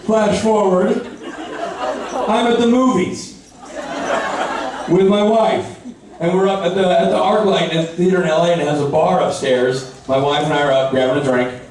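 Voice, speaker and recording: A man on a convention panel telling a funny anecdote to a live audience, animated and jokingly aggrieved. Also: sits high, normal speed, pauses often, slight background noise. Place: large convention hall. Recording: echoey hall from far off.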